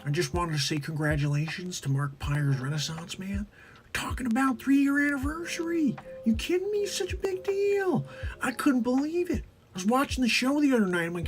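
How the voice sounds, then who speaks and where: A man doing an impression of an excitable male celebrity, breathy and half-whispered in amazement. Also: extremely high pitch, voice pushed up.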